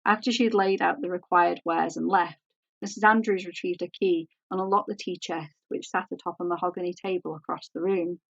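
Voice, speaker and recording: A woman author reading her novel aloud in a measured, composed way. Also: lowish voice, steady tone, gravelly, dry recording, highs cut off.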